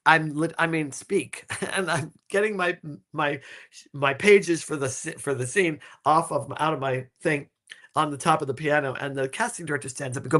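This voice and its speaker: Animated, bright-voiced male co-host. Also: fairly high pitch, normal speed. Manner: animated storyteller, many restarts. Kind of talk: casual chat.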